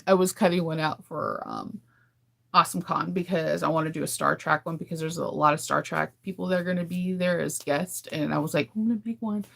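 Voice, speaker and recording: A woman from California talks casually with her viewers on a livestream, breaking into laughter often. Her voice sits a little low and carries a gravelly, fry-tinged texture. She comes across candid and chatty. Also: very animated, brisk. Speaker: livestream host. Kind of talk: casual chat with live viewers.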